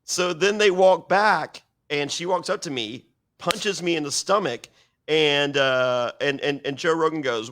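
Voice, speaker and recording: A man's voice: a little high, unhurried, a bit bright. A man telling a story on a podcast, rambling and swearing, acting out other people's lines as he goes. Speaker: guest telling stories.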